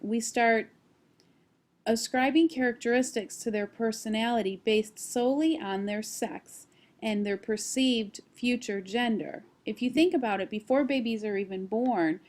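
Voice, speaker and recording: A woman in her thirties records a screencast lecture, explaining things at a steady pace. Her voice sits a little higher than most women's. Now and then she drops in small fillers before picking the thread back up. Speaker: college instructor.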